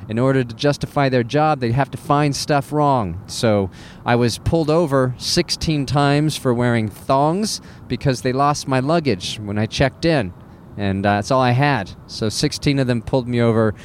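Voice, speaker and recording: A man who works as a cruise ship entertainer tells a comic story in a sarcastic rant, breaking into high, incredulous squeaks. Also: normal speed, a little hiss or hum.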